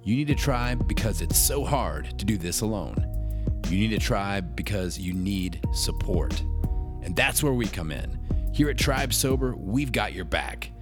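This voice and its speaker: Man, announcer, low voice, measured, emphatic, guitar music underneath. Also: animated. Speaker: podcast announcer. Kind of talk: scripted promo announcement.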